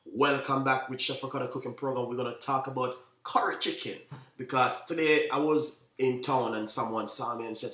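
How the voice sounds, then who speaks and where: Fast-talking Jamaican man, chef live host. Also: mid-range voice, bright, forceful tone, echoey room, recorded from a distance. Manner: repetitive, keeps saying "you know what I mean"; talks fast, by his own account. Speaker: chef hosting a live cooking stream. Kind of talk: live stream chat to viewers.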